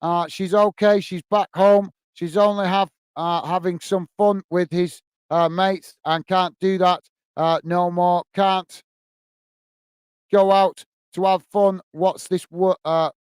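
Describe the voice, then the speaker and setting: A football channel host with a high-pitched voice, clear and resonant with no echo, chats casually on his live stream. He reads viewer comments, uses "mate" often, and his speech has many fillers and restarts.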